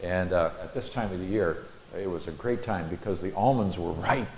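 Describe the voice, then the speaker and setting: A middle-aged man preaching an expository Bible lesson in a deliberate, explanatory way, with folksy personal asides. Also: low voice, a little hiss or hum.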